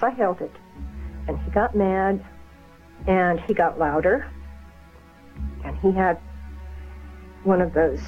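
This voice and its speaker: An older woman with a slightly low voice tells a personal memory in an earnest, insistent way. The sound is dull and lo-fi, like an old TV interview, with faint music underneath. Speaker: interviewee, witness.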